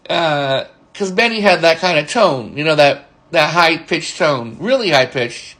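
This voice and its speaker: High-voiced man rambling through memories. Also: animated, fairly bright tone. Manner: rambling, halting, laughs between stories. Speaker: storyteller recalling a friend. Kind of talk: casual spoken reminiscence.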